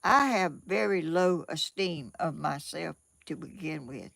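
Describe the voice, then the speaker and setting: An older woman with a Southern drawl talks slowly through a rambling home vlog, circling back and repeating her words. Her voice has a gravelly, creaky texture. The sound is close and dry, with no room around it. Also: sits low, fairly bright tone, no echo. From Georgia, USA. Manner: rambling, repeats herself, homespun and religious. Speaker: vlogger. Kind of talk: casual home vlog monologue.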